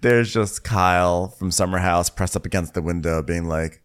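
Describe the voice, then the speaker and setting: A man with a very low voice co-hosts a loose comedic recap, rambling through stories. He runs himself down and laughs as he goes. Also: normal speed, smooth. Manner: rambling, self-deprecating, laughs often. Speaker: podcast co-host. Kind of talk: casual comedic recap chat.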